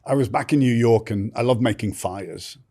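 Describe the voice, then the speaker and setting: Middle-aged guy on a podcast, telling stories, really animated, does the voices. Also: mid-range voice, moderate pace. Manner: animated, acts out other people's lines. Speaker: podcast guest. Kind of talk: storytelling in conversation.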